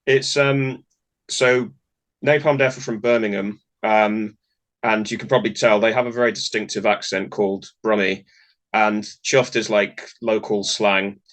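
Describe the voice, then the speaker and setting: A man's voice: lowish voice, level tone, unhurried, a bit bright. A man co-hosting a podcast, rambling in a friendly way and laughing often. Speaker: podcast co-host. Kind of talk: casual podcast discussion.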